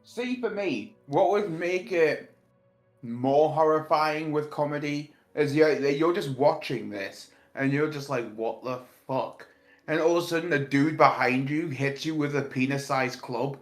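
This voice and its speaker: A man's voice: fairly high pitch, measured pace, faint music behind. A man chatting casually on his livestream, rambling through a silly story and swearing freely. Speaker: streamer.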